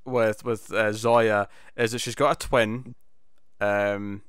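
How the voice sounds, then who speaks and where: Smooth-voiced man recapping a show. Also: on the low side, steady tone, takes it slowly, dry recording, clean studio sound. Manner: rambling amused plot recap. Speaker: podcast co-host. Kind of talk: casual TV review chat.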